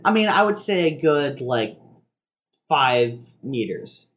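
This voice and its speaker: A man's voice: medium pitch, sing-song, slow, fairly bright tone. A young man co-hosting a podcast in casual chat, joking and rambling with lots of fillers and restarts. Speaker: podcast co-host.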